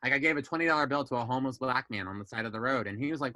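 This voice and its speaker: On a casual podcast, a young male guest talks rapid-fire in a bright, forward, mid-range voice, captured dry and close with no echo in a low-quality recording. He shares family stories candidly, swears freely and mimics his relatives' lines in a raised voice.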